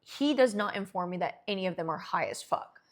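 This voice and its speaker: A woman in her twenties, a streamer telling a long story in casual chat, animated and swearing freely. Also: fairly low pitch, a little fast.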